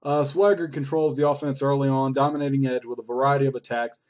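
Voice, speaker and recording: A man's voice: mid-range voice, little pitch movement, quick pace, darkish tone. A man recapping a wrestling show in a casual, rambling way, swearing often. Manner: profane, rambling play-by-play.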